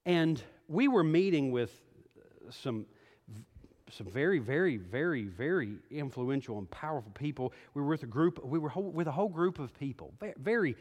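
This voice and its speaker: A middle-aged male pastor preaching a sermon, moving from quiet scripture reading to emphatic exhortation. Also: a little high, lively intonation, normal speed. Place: church sanctuary. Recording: hall reverb.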